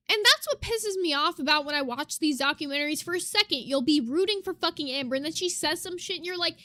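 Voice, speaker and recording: A woman's voice: high-pitched, quick pace, few pauses, pushed and bright, no room sound. A woman giving blunt, profane reaction commentary on a video, ranting at what she hears. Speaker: reaction streamer.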